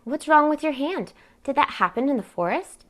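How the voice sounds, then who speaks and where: A woman's voice: sits high, lively intonation, moderate pace, fairly bright tone, pitched above the performer's own voice. A woman reading her story aloud, voicing a tired mother who asks eager questions. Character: exhausted worried mother, grateful and nosy.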